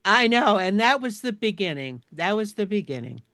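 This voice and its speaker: A woman co-hosting a casual chat, answering with slow, warm agreement. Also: mid-range voice, sing-song, no room sound, studio quality. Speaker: podcast co-host.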